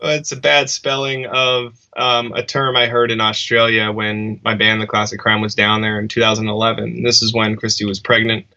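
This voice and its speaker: A man's voice: lowish voice, completely flat delivery, normal speed, few pauses, bright, forceful tone, muffled recording. A man, a musician, chatting casually in an interview, reflective and rambling with restarts. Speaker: musician guest.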